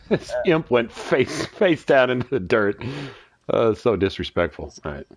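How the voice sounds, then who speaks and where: A man's voice: medium pitch, big pitch swings, a little slow. A man playing a game with a friend, chatting casually in a playful, brash, teasing way. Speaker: co-player. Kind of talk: casual gaming chat.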